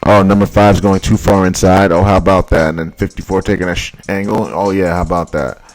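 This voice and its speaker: Deep-voiced exasperated football breakdown guy. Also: flat delivery, fairly quick, no echo. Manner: blunt, exasperated, repeats himself. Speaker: football film analyst. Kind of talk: casual highlight breakdown commentary.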